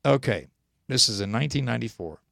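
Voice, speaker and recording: A man hosting a casual talk show, telling anecdotes in an animated way and jumping high in pitch when he quotes other people. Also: fast, creaky, no echo, studio quality. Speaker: host. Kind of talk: casual storytelling chat.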